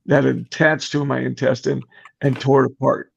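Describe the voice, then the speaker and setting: A middle-aged man telling a long personal story as a podcast guest, animated and acting out the voices of the people in it. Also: medium pitch, normal speed, gravelly, slightly rough. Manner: animated, acts out quoted voices. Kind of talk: casual storytelling. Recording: muffled lo-fi podcast audio.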